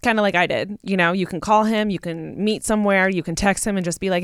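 A woman's voice: medium pitch, steady tone, fast talker, hardly any pauses, clear, resonant tone, no echo, clean studio sound. A young woman co-hosting a podcast, giving direct and encouraging advice in casual chat. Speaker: podcast co-host.

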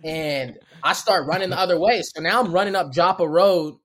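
A man, a comedian guest, telling a story on a podcast in animated, profane street slang. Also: sits high, normal speed. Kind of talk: storytelling in casual chat.

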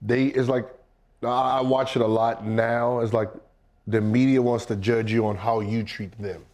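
A middle-aged man co-hosting a casual chat, animated and laughing, often mimicking other people's voices. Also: mid-range voice, normal speed.

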